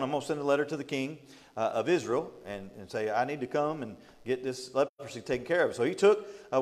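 A man teaching a Bible study as pastor, reading scripture aloud and retelling it in a folksy, joking way, often laughing between points. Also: a little high. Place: church. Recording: long hall reverb.

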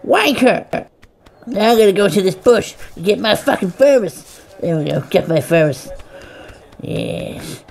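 Her voice is lowish, creaky, and a bit dark as this gamer speaks as the goose herself during let's play commentary. Foul-mouthed and taunting, she mocks the game's characters in the first person.

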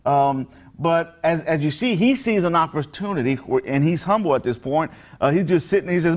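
A male pastor speaks a brief daily message in a slightly higher-than-usual voice. His delivery is conversational and earnest, full of fillers and restarts. He leans into rhythmic, emphatic phrases. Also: expressive, brisk. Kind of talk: short daily devotional message.

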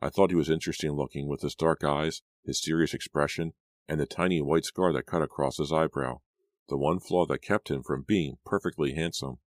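A male audiobook narrator with a very deep voice, telling a story in first person with a measured delivery. The reading sounds close and dry, with no room echo. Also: fairly even intonation.

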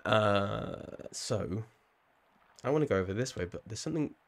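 A man's voice: on the low side, expressive, moderate pace, vocal fry. A man with a southern English accent, chatting casually with viewers while playing a game on a live stream, rambling and laughing often. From southern England.

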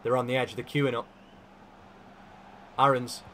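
A young man commentating his own football video game career with lively, animated energy and sudden shouts. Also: medium pitch, measured pace, slight background noise. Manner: animated, shouts at big chances. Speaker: gaming YouTuber. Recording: faint guitar music behind.

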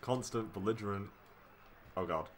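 A man's voice: on the low side, normal speed, a little hiss or hum. A man teasing a friend during a game, joking and using slang. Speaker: co-host watching the game. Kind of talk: casual gaming banter.

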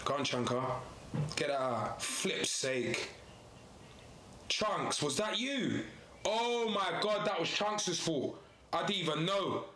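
A young man giving casual, excitable reaction commentary full of slang. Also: on the high side, slow pace, echoey room, slight background noise. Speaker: YouTuber reacting to match footage.

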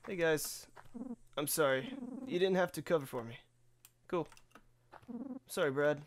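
A man's voice: fairly high pitch, unhurried, a little hiss or hum. Let's play host, man, rambling and profane, easy laughter. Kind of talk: casual gameplay commentary.

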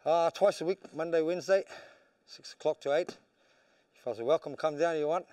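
A man, a boxing trainer and hunter, telling animated hunting stories in casual chat. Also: fairly high pitch, fairly quick, dry recording, distant mic. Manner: animated, tells stories, swears. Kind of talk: casual storytelling.

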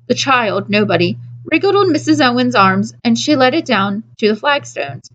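A woman's voice: a little high, expressive, moderate pace, hardly any pauses, a bit bright, highs cut off. Woman librarian reading a storybook aloud. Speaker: children's librarian. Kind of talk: storybook read-aloud narration.

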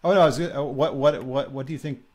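A man's voice: mid-range voice, fairly even intonation, fast talker. Stammering American man hosting. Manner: stammering, repeats words while asking. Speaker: podcast host. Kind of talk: casual interview questions.

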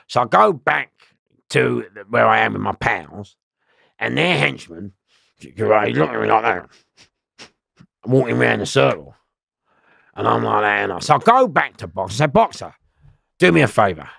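A middle-aged man with a heavily gravelly voice that swings widely up and down as he tells his story. He swears freely and acts out other people's lines. The sound is close and dry, with no room behind him. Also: mid-range voice, expressive, normal speed, pauses often, pushed and bright, dry recording. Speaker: interview guest. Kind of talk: animated storytelling.

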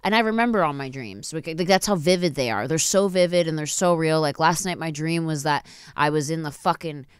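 A chatty woman in her thirties hosting a podcast, giggly and casual, swearing often. Her voice sits a little low and comes through smooth, with a close, dry sound. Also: a little fast, hardly any pauses, no room sound. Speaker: podcast host. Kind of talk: casual chat.

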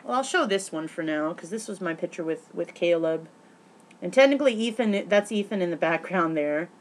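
A woman vlogging casually, rambling with many restarts and fillers, breaking into excitable bursts and swearing now and then. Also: on the low side, a little fast.

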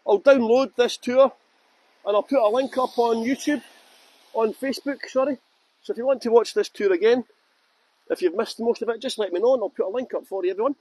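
A middle-aged tour guide from Scotland, strongly accented, leads viewers by live stream through night-time town streets, naming them as he chats and laughing often. His very high voice is a little mellow and slightly rough, and he speaks fairly quickly. The recording is dry.

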